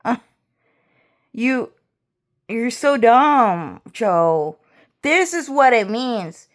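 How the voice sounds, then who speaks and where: Woman doing a sneering, high-pitched sibling. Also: very animated, drawn-out words, full character voice. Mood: scornful. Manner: mocking, belittling. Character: scornful sibling scolding a younger sister.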